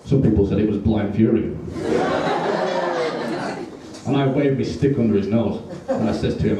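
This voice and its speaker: A man with a British accent performing a stand-up comedy set, telling a long story in a deadpan way and pausing before his punchlines. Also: fairly low pitch, crowd noise. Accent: British English. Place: comedy club stage with audience. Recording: roomy live club audio from a distance. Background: audience laughter.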